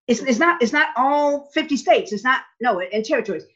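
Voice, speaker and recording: A woman's voice: high voice, lively intonation, fairly quick, few pauses, a bit bright. A woman state legislator telling a story in an interview, emphatic, repeating words and checking in with "okay?". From Nevada. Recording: slightly dull lo-fi sound.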